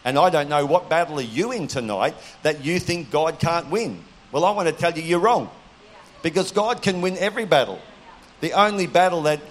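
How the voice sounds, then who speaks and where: A man's voice: fairly high pitch, expressive, moderate pace. A middle-aged man preaching a sermon, earnest and direct, telling stories to his audience.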